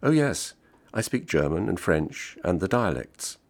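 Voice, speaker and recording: A man's voice: deep voice, very animated, measured pace, pitched above the performer's own voice, full character voice. A man reading the part of a shy, dutiful young Swiss café waitress, speaking demurely. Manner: demure, polite, formal.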